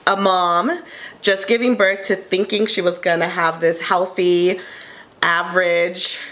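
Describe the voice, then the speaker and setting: A woman co-hosting a casual table talk, telling a heartfelt personal story in an earnest way with many pauses and ums. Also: fairly low pitch, steady tone, fairly bright tone. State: tearful at moments. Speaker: panel co-host sharing her story.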